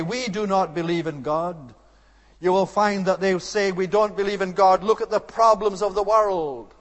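A man preaching an expository sermon, earnest and emphatic, building to rhetorical outbursts. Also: high voice. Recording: long reverb of a large hall.

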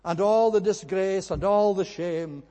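High-voiced man preaching in an echoing hall. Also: measured pace, dark tone. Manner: earnest, emphatic preaching with frequent "eh" fillers. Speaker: minister. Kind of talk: sermon. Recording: long reverb of a large hall.

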